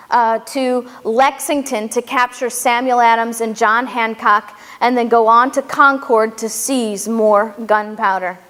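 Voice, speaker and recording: High-voiced woman lecturing in an echoey hall. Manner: emphatic storytelling. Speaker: speaker and educator. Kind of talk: history lecture. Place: lecture venue.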